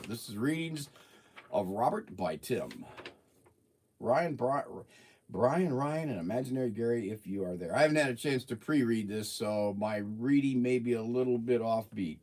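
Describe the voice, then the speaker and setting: A man's voice: mid-range voice, expressive, moderate pace, darkish tone. A man hosting a casual livestream, rambling and joking as he reads out viewer comments. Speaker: livestream host.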